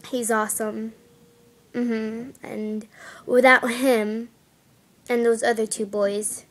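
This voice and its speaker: A girl vlogging casually, rambling and giggling as she talks about her classmates. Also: fairly high pitch. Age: young girl. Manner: chatty, giggly, rambling with restarts. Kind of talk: casual chat to camera.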